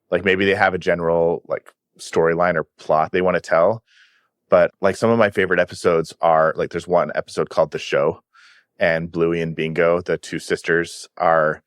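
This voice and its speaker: A man's voice: low-pitched, no room sound, studio quality. A man guest on a podcast, chatting casually and retelling cartoon episodes with eager, filler-laden enthusiasm.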